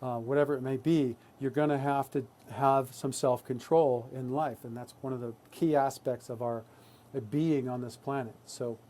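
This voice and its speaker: A man's voice: mid-range voice, fairly even intonation, moderate pace, warm tone, slight background noise. An adult man presenting a live workshop, talking earnestly and often checking in with "right?". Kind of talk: live online workshop talk.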